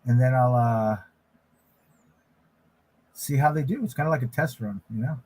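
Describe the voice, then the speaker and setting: A man's voice: medium pitch, normal speed. Casual male streamer, chatting while he draws, loose and rambling, full of restarts. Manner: rambling, relaxed, frequent restarts. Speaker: livestream host, artist. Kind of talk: casual livestream chat while drawing.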